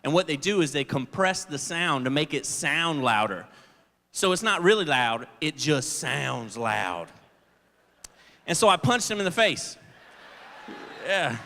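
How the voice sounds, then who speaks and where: A man's voice: fairly high pitch, lively intonation, normal speed, bright, forceful tone. A male stand-up comedian telling loose, profane stories on a theater stage, acting out the voices of people in them. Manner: loose, swearing, acts out voices in his stories. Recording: live theater with long reverb.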